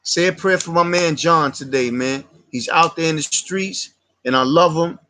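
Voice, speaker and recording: A man tells a long personal story to his viewers, looping back over details and dropping slang as he goes. His voice sits a bit high for a man and sounds bright and forward. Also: normal speed. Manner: street slang, repetitive and heartfelt. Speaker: channel host. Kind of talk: casual livestream storytelling.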